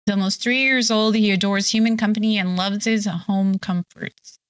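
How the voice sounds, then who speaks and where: A woman's voice: medium pitch, fairly even intonation, normal speed, smooth, dry recording. A young woman streaming live, a little tipsy, chatting casually and bubbly as she reads her chat aloud.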